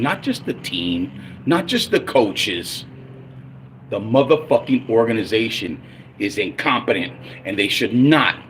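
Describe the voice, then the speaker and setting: Medium in pitch and a bit bright, the voice of this livestream host comes through with slight background noise. He's a man in his forties, a fan venting bluntly, angrily and with plenty of profanity on his own stream.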